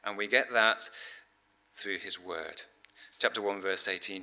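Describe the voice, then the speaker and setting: Bright-voiced middle-aged preacher. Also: male voice, sits low, measured pace, pauses often. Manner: conversational storytelling, frequent fillers and throat-clearing. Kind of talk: sermon.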